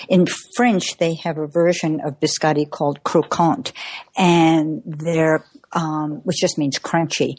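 A woman's voice: deep voice, a little mellow, husky, no room sound, studio quality. A woman in her sixties, a cookbook author from the United States, talking in a chatty way with frequent laughs and fillers during an interview. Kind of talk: interview conversation.

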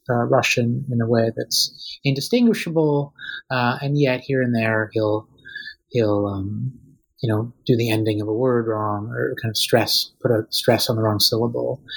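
A man's voice: mid-range voice, creaky, breathy edge, low-quality recording. A man in his thirties, an author being interviewed, talking casually and hesitantly with many ums and restarts. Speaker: author guest.

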